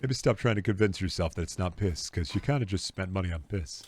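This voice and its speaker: Low-voiced guy streaming a game, ranting sarcastically, same complaint over and over. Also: fairly quick, darkish tone. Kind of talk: casual gaming stream chatter.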